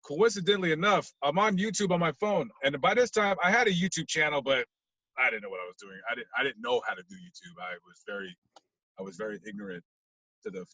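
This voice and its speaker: A man telling a story as a podcast guest, acting out voices and swinging from loud outbursts to low mumbles. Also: no echo, muffled recording. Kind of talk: animated storytelling. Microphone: podcast mic.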